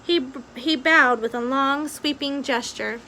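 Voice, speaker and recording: Bright-voiced woman reading a children's book. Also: high-pitched, unhurried, a little hiss or hum, low-quality recording. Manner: recaps casually, then reads with expression. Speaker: reader. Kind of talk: reading a children's novel aloud.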